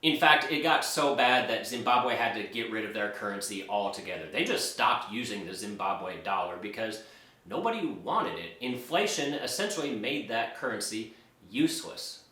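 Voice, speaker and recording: Bright-voiced man explaining money. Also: fairly low pitch, lively intonation, normal speed. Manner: conversational, walks through everyday hypothetical examples. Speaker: personal finance YouTube host. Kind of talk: casual explanatory talk. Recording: roomy echo.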